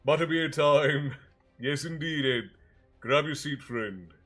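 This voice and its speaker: A man's voice: on the high side, takes it slowly. A congested man hosting a livestream story hour, chatting loosely with viewers by name and stopping mid-phrase before he reads from a fantasy novel. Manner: rambling and self-interrupting, greets viewers by name. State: congested, low on breath. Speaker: stream host and storyteller. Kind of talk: casual chat with a live chat, then reading a fantasy novel aloud. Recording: soft music underneath.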